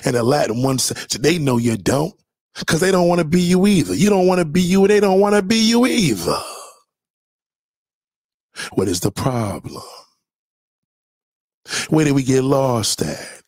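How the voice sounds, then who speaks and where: A man's voice: on the high side, big pitch swings, unhurried, pauses often, a little mellow, no echo, studio quality. A man giving a heated, profane reaction rant as a commentator, talking back to a clip. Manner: profane, confrontational, preachy.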